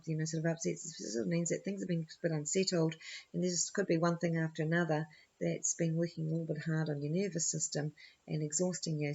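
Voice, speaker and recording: A woman's voice: sits low, creaky, a little mellow, muffled recording, slight background noise. A woman giving a casual astrology forecast and tarot reading, rambling and thinking aloud with many ums and you knows.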